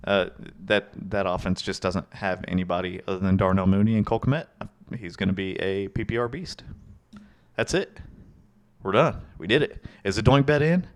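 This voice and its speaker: A man's voice: sits low, moderate pace. Laid-back man hosting a podcast. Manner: relaxed, jokey, steers the talk. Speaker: podcast host. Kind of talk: casual banter about fantasy football.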